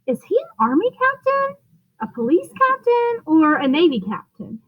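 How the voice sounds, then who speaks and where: A woman's voice: extremely high pitch, very animated, moderate pace, lo-fi sound, pitched above the performer's own voice. A woman reading aloud, voicing a polite but muddled city hall clerk on the telephone who keeps mishearing.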